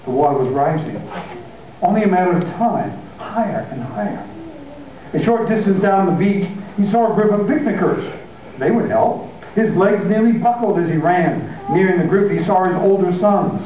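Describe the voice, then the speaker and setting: An impassioned male preacher delivers a sermon with emphatic, repeated lines in a fairly high voice. He sounds far from the mic in a large hall with heavy echo, and the recording is dull with faint noise. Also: animated, normal speed.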